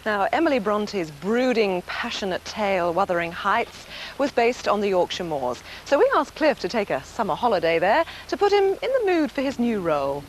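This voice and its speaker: A woman host reading a scripted introduction to a feature in a lively, expressive way. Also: medium pitch, moderate pace, few pauses, rough recording.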